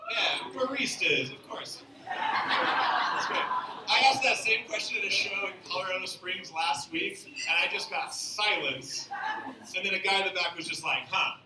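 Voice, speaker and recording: A man's voice: high-pitched, a little slow. Young American man doing crude stand-up. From Australia. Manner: crude, profane, self-mocking jokes. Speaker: stand-up comedian. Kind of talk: stand-up comedy set. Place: beer garden venue. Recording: echoey, distant mic, noisy ambience.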